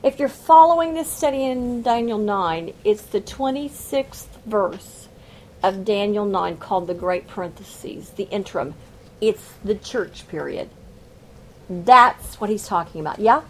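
A woman's voice: mid-range voice, lively intonation, unhurried. A woman teaching a Bible study, reading scripture aloud and adding emphatic, folksy commentary.

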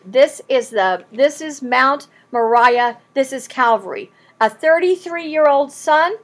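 Her voice sitting high, a woman takes listeners through a Bible passage one verse at a time, animated and emphatic as she acts out the quotations.

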